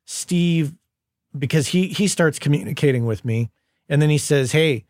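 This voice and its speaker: A man's voice: a little high, normal speed, dry recording, studio quality. Podcast host man telling stories. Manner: storytelling, animated when quoting people. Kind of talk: casual conversation.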